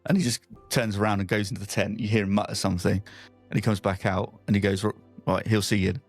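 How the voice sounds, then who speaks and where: A man narrating as game master of a tabletop game, laughing often and tossing in quick asides. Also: fairly low pitch, fairly even intonation, faint music behind.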